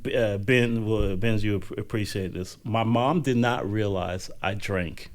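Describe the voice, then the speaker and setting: A man's voice: fairly low pitch, a little slow. A man with a Southern American accent, co-hosting a podcast in casual chat, laid-back and swearing freely. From Southern United States. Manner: relaxed, frequent restarts and swearing. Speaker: podcast co-host.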